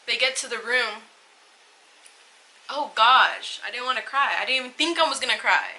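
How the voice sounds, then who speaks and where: Bright-voiced young woman vlogger. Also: fairly high pitch, low-quality recording. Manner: emotional, tearful retelling, halting. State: crying at times. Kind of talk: casual storytime.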